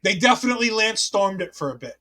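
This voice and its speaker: A man with a high, light voice hosts a relaxed wrestling recap. He talks in a chatty, rambling way, often restarting his sentences, and reads listener comments aloud to his co-host. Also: fast talker. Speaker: podcast host. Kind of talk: casual wrestling recap chat.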